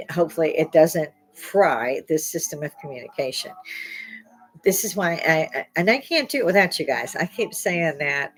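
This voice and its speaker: An older woman hosting a podcast, talking in a rambling, opinionated monologue, salty and quick to laugh at her own jokes. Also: low voice, low-quality recording. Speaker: podcast host.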